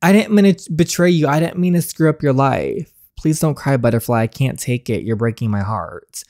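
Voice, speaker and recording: A guilt-ridden young man in a story game, telling his heartbreak in first person, read by a man in his own voice. He speaks softly and earnestly, mid-pitched, in a dry, close sound. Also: lively intonation, moderate pace, no echo, natural voice. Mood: pleading. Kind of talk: reading game narration aloud.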